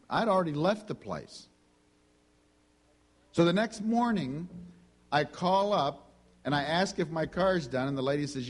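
Animated male preacher telling a story. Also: on the high side, normal speed, pauses often. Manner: animated, conversational, acts out dialogue. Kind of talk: sermon storytelling.

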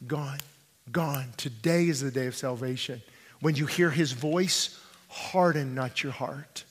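A male pastor preaching a sermon, swinging between hushed pleading and fervent shouting and repeating phrases for emphasis. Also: medium pitch, measured pace, husky, in a large hall. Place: church sanctuary.

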